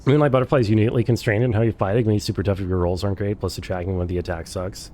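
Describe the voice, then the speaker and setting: With game music running underneath, a man chats with his stream viewers in rapid-fire fashion, sarcastic and cursing freely. His voice sits on the low side, mellow and fairly even in intonation.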